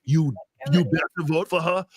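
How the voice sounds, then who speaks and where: A man's voice: on the high side, moderate pace, darkish tone, slightly rough, no room sound. A man doing an impression of a stern, muscle-bound male action hero who issues blunt, threatening orders. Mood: commanding.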